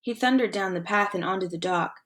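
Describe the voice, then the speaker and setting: A woman teacher reads a chapter book aloud to her class, her delivery expressive and full of suspense. She stops now and then to ask the children questions about the story. Her voice sits at an ordinary pitch for a woman. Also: brisk. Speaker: elementary school teacher. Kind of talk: reading a novel aloud to a class.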